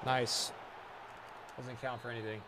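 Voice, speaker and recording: A man streaming live gameplay commentary, sarcastic and bantering and often yelling at the game. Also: medium pitch, level tone, unhurried, noisy background. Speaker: gaming streamer.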